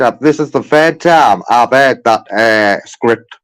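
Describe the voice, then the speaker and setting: A man's voice: mid-range voice, slow pace, a bit bright, rough recording. A frustrated man complaining to a call centre on the phone from his car, repeating himself and calling the agent mate. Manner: frustrated, repetitive, keeps saying mate.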